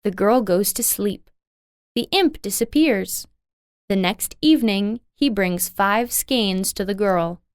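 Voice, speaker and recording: Woman, storybook narration, unhurried, dry close sound. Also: mid-range voice, clean tone, no echo. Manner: simple, carefully paced reading. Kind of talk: slow scripted storybook narration.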